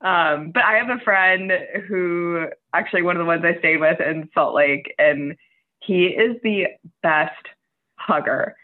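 A man hosting a casual chat, relaxed and a little hesitant. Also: fairly high pitch, measured pace. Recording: tinny phone-like line.

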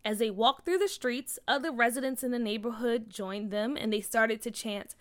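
Bright, lively woman storyteller. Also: on the high side, moderate pace, hardly any pauses. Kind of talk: storybook read-aloud.

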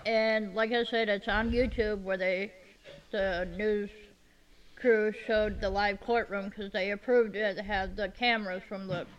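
A woman in a casual chat with a mid-pitched voice. She tells personal stories plainly and earnestly, and she tosses quick dry comments back and forth with her co-host. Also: fairly even intonation, highs cut off.

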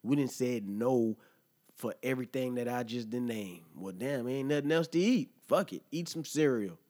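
A man's voice: medium pitch, normal speed, darkish tone. A man hosting a podcast, riffing casually on an article with a laid-back, profane manner, chuckling often and asking listeners if they follow him. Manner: conversational, asks listeners "you feel me?". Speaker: podcast host. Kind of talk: casual monologue reacting to an article.

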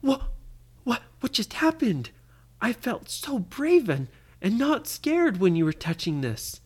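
A storyteller voicing a timid little girl adventurer in a bedtime story, with a high, shaky, stammering voice. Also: sing-song, slow, full character voice. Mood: wondering.

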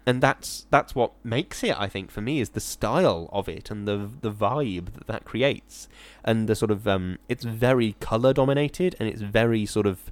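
A man co-hosting a podcast in casual chat, hedging his points with "sort of" and talking with gentle enthusiasm. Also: lowish voice, normal speed, few pauses, no room sound. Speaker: podcast co-host.

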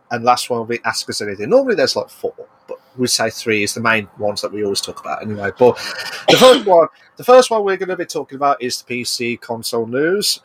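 A man's voice: mid-range voice, a bit bright, slight background noise, low-quality recording. A man from Britain co-hosting a casual livestream podcast, laughing at himself and often stopping to restart his sentences. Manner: laughing, self-mocking, stumbling restarts. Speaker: podcast co-host.

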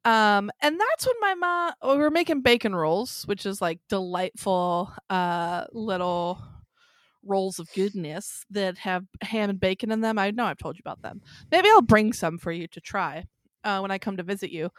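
A woman's voice: medium pitch, moderate pace, dry recording, clean studio sound. A young woman telling a story in casual chat, acting out the other people's lines as she goes. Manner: animated storyteller acting out quotes. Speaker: friend chatting.

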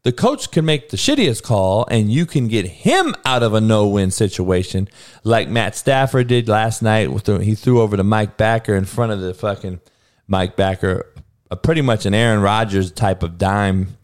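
A man's voice: lowish voice, expressive, moderate pace. A man hosting a podcast, ranting about sports in a blunt, combative, heavily profane way and repeating his points for emphasis. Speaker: podcast host. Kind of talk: sports commentary rant.

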